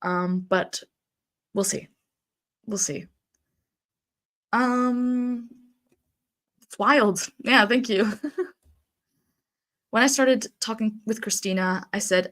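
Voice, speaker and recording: A woman's voice: mid-range voice, drawn-out words, pauses often, a bit bright. Chatty streamer woman with a blocked nose. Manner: chatty, reads chat aloud, laughs often, frequent ums and likes. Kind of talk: casual live-stream chat.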